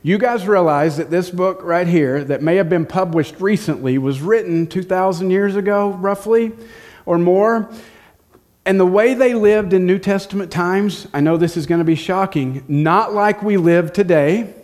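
High-voiced joking man preaching. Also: normal speed, a little mellow. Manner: jokey, self-deprecating, conversational. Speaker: pastor. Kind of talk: sermon. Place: church sanctuary.

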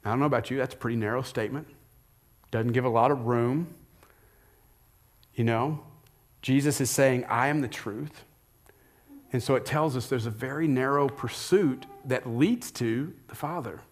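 A man's voice: mid-range voice, normal speed. A middle-aged male pastor preaching a sermon in a conversational way, often asking rhetorical questions.

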